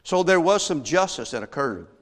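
A male pastor preaching a sermon, telling a story and swinging from hushed asides to shouted emphasis. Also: fairly high pitch, very animated, normal speed. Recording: long echo of a large hall.

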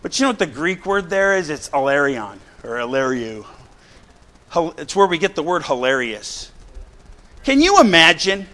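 A middle-aged man with a drawl delivers a lively, conversational sermon. His voice sits fairly high for a man, and he keeps throwing questions and asides at his congregation. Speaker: pastor. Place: church sanctuary.

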